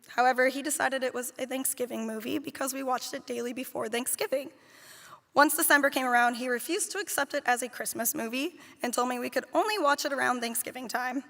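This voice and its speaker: A nanny reads a eulogy for the children she cared for, her high, bright, gravelly voice full of tender fondness as she tells their stories. She speaks fairly quickly and with heart. A long reverb from a large hall surrounds her words.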